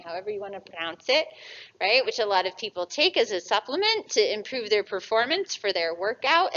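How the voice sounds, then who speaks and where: A woman's voice: medium pitch, highs cut off. A woman teaching an anatomy class, asking students questions and tagging her points with "right?". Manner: lively, asks the class questions and answers them, tag questions. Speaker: anatomy lecturer. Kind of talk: classroom lecture.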